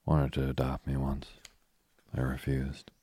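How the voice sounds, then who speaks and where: Brief: a man voicing a gloomy, honest young ex-soldier in a storybook, very low, husky voice. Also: no echo, heavily acted. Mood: glum. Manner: soft, even, unhurried reading.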